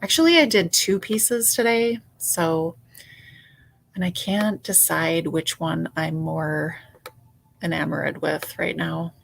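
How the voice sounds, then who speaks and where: Woman hosting a livestream, unhurried, chatty and playful with her chat. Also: deep voice, vocal fry. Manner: chatty, greets viewers warmly by name, playful. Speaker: livestream host. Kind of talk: casual livestream chat greeting viewers.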